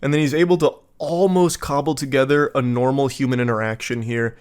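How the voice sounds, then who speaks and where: A man's voice: mid-range voice, fairly even intonation, brisk, darkish tone. A young man giving sarcastic comedic commentary while reading text messages aloud. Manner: sarcastic, dry. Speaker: YouTube commentator.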